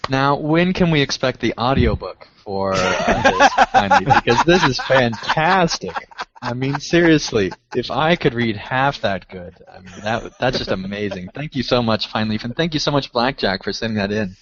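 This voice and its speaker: A man's voice: medium pitch, sing-song, normal speed, noisy background. A man hosting a podcast, talking with enthusiasm and thanking his listeners in casual chat. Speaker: podcast host. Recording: dull lo-fi podcast audio.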